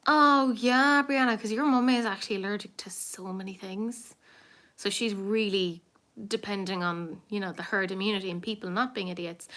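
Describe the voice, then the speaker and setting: A woman's voice: medium pitch, fairly even intonation, moderate pace, fairly bright tone. A woman in her thirties hosting a casual live stream from her phone, rambling and self-mocking, cooing at her cats as she walks from her home out into the garden. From Ireland. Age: 30s. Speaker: livestream host. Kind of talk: casual livestream chat. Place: home, then outdoors in a garden.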